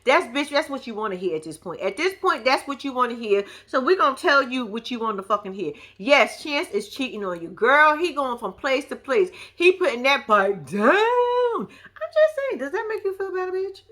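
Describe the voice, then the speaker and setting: A woman's voice: sits high, big pitch swings, normal speed, fairly bright tone. Sassy, profane woman recapping reality TV. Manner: blunt, profane, sassy running commentary. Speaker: show recap commentator. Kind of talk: casual reality-show recap.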